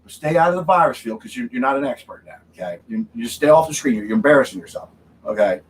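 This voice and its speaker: This livestream host delivers a drinking-show rant from his home studio, angry and repetitive, ending points with "okay?". He has a medium-pitched, animated voice and talks fast. The recording quality is rough.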